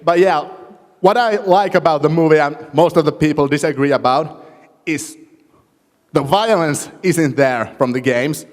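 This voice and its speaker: A man from Finland takes the audience mic, his somewhat high voice relaxed and a little halting. Long hall reverb trails each phrase. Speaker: audience member asking a question. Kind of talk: casual chat.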